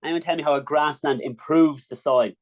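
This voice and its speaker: Brisk encouraging Irish male teacher. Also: on the high side, steady tone. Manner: brisk, encouraging, keeps checking with "okay?". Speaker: agricultural science teacher. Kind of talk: exam revision class.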